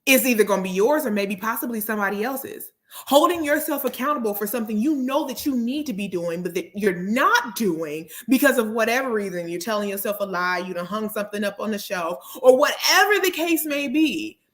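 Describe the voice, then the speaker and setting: A woman's voice: fairly high pitch, animated, fairly quick. A woman hosting a motivational talk show, speaking earnestly and repeating key phrases for emphasis. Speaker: host; therapist and speaker.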